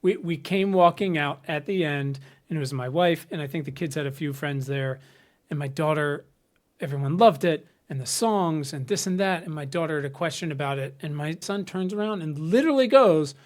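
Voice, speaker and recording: A man's voice: fairly high pitch, brisk. A middle-aged man co-hosting a podcast in casual chat, telling stories animatedly, swearing freely and acting out quotes. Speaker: podcast co-host.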